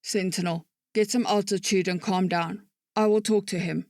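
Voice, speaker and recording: A man's voice: sits high, fairly even intonation, moderate pace, a little mellow, no room sound, clean studio sound, voice pushed up. A man voicing a stern, commanding female military lieutenant in an audiobook, speaking in a clipped, authoritative way. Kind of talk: audiobook narration.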